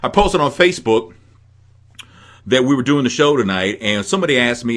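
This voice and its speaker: A middle-aged Midwestern man co-hosts a podcast, chatting casually and telling stories with lots of laughter. His mid-range voice moves fairly quickly, though he pauses often, and he's an animated storyteller.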